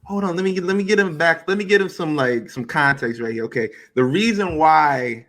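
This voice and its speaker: A man's voice: fairly high pitch, expressive, brisk, a bit bright. Teasing, joking podcast co-host man. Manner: teasing, joking banter, laughs. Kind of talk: casual chat.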